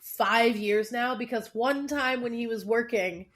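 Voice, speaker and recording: A woman's voice: fairly high pitch, measured pace, fairly bright tone. A woman co-hosting a podcast, chatting casually with a teasing, laughing manner. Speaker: podcast co-host. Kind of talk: casual chat.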